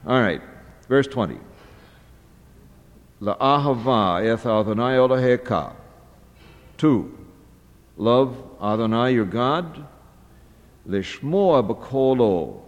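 A man teaching a scripture lesson, reading a text slowly line by line and pausing often with "uh". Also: mid-range voice, expressive, long reverb tail, lo-fi sound. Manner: slow, deliberate, pausing often with "uh". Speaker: Hebrew Bible teacher.

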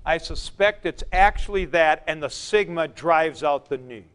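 Slow, deliberate male lecturer. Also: on the high side, animated, fairly bright tone, smooth. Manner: deliberate, explanatory, with asides. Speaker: Greek teacher. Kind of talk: classroom lecture. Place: classroom.

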